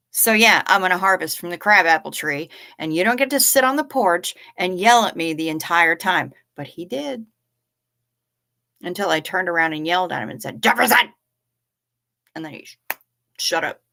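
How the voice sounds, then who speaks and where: A woman's voice: lowish voice, sharp tone. A woman hosting a live stream, chatting casually in a joking, profane way while reading viewer comments. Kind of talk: casual chat.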